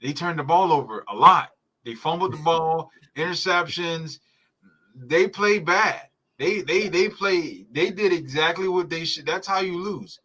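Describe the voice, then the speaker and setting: Bright-voiced man ranting about football. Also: on the high side, a little slow. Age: adult parent. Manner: profane, heated sports rant. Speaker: podcast host. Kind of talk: live football reaction chat.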